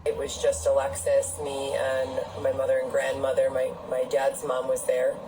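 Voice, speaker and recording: A woman giving a calm, formal statement in measured, even tones. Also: rumbling low, a crowd in the background. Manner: measured, level delivery. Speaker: person in a played clip. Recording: noisy played-back clip.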